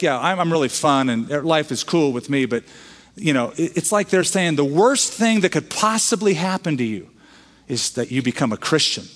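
A man's voice: on the high side, fairly bright tone, in a large hall. A man who is a pastor, preaching a sermon in a conversational way, bringing in humorous quoted voices.

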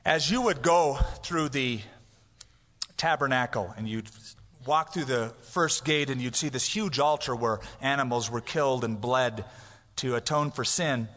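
A man preaching a conversational expository sermon as pastor, animated and casual, sometimes acting out loud prayers for effect. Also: mid-range voice, a little slow, big-room sound.

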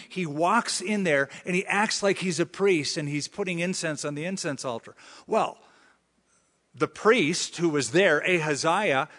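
A man's voice: a little high, fairly bright tone. A man preaching a sermon, who often acts out the voices of the people he quotes. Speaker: pastor. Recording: long hall reverb.

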